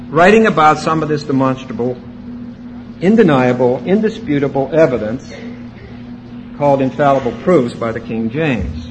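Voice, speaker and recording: A man preaching an expository sermon, emphatic and rising to loud exclamations. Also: a little high, a little hiss or hum, rough recording.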